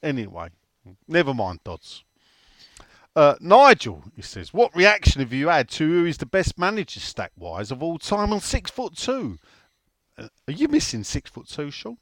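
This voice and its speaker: A man's voice: fairly high pitch, huge pitch swings, moderate pace, fairly bright tone, no echo. A man co-hosting a casual podcast, teasing his co-host and reading out listener questions. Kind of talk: casual chat.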